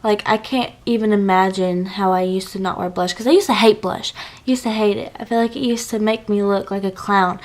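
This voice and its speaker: A woman's voice: mid-range voice, steady tone, fairly quick. A young woman vlogger talking casually through her makeup routine, chatty and gushing, with lots of fillers. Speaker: beauty vlogger. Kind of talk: casual makeup tutorial chat.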